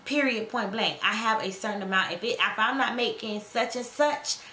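A woman's voice: fairly high pitch, normal speed, pushed and bright. Sassy woman vlogger in an echoey room. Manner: sassy, emphatic, addresses viewers as girl and honey. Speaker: travel nurse vlogger. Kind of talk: casual advice vlog. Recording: echoey room with faint noise.

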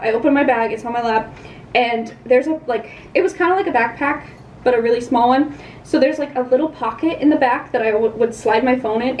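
A woman's voice: on the high side, darkish tone, roomy sound, far from the mic, slight background noise. A young woman telling a casual, rambling storytime about her own life in a chatty, self-deprecating way. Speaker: vlogger.

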